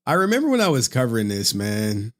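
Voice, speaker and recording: A man's voice: medium pitch, huge pitch swings, fast. A young man hosting a casual late-night stream, tired from no sleep, rambling, swearing and laughing often. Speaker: streamer host.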